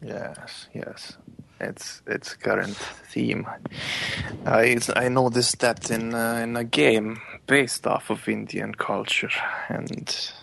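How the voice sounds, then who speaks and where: A man replying softly and hesitantly in a casual chat, his voice heavy with gravelly fry. He speaks slowly in a flat, low tone, with a close, dry sound. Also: slight background noise, low-quality recording.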